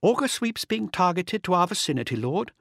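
A man voicing a brisk female ship officer in an audiobook, reporting quickly but calmly. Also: high voice, creaky, dry recording, clean studio sound, pitched above the performer's own voice, full character voice. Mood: crisp report.

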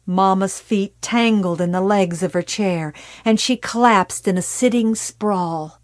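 Woman reading a dark audiobook, slow and measured, dry close sound. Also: medium pitch, no echo. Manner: measured, dark storytelling, drops to a hush. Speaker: audiobook narrator. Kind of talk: dramatic audiobook narration.

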